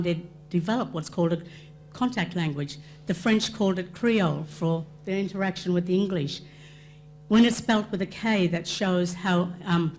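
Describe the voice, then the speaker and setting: A woman presenting a cultural awareness session, explaining terms and concepts to an audience with quick asides. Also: fairly low pitch, darkish tone, slight background noise.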